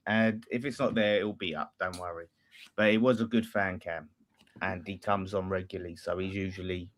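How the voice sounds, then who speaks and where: A man's voice: lowish voice, a bit bright. Laid-back man reading viewer messages. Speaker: fan channel host.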